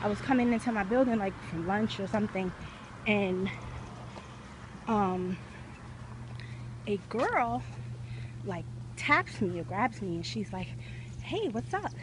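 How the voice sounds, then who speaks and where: A woman's voice: medium pitch, a little slow, long pauses, background noise. A woman vlogging while she walks outdoors, a little out of breath, talking passionately and rambling with lots of fillers. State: a little out of breath from walking uphill. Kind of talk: casual vlog talk. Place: outdoors, walking in hot weather.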